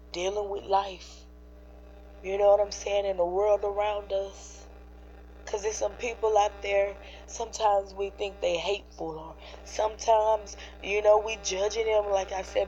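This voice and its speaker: On a dull lo-fi livestream with a faint hum, a woman with a medium-pitched, dark-toned voice talks to her chat directly. Earnest and teary-eyed, she preaches encouragement to her viewers in an emotional stream.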